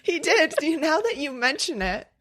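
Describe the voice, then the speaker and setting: A woman's voice: high-pitched, big pitch swings, normal speed, a bit bright, dry recording, clean studio sound. A young adult woman co-hosting a podcast in casual chat, reading out listener stories with rambling, swearing asides. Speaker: podcast co-host.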